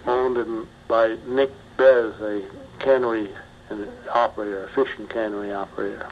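An older man, a former pilot, slowly telling his memories in an interview, with many pauses and fillers. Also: on the low side, level tone. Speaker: retired bush pilot. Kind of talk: oral history interview. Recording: muffled archival tape with faint hiss.

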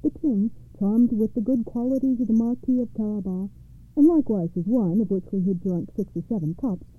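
A woman narrating fairy tales for a radio program in a measured, expressive storytelling manner. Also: mid-range voice. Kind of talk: fairy tale read-aloud narration. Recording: tinny phone-like radio sound.

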